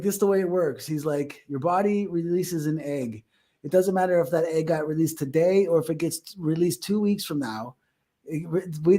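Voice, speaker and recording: Animated storytelling man, slightly high. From United States. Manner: animated, acts out voices in stories. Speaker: podcast co-host. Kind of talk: casual storytelling chat.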